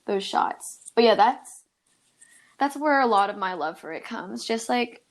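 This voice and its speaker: A woman's voice: a little high, expressive, a little slow. Giggly young woman rambling in casual chat. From California. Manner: giggly, rambling, lots of "like" and "dude". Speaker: podcast co-host.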